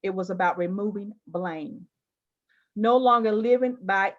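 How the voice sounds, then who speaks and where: A woman talks through a candid interview. She tells stories with animated emphasis and playful asides, in a voice of ordinary pitch. The recording sounds somewhat dull and lo-fi. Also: measured pace.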